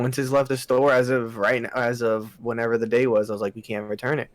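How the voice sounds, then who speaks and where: Young male podcast co-host, lively and casual, does customer voices, dry close sound. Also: medium pitch, fast talker, no echo. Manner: animated storytelling, acts out customers, laughs a lot. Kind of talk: casual chat.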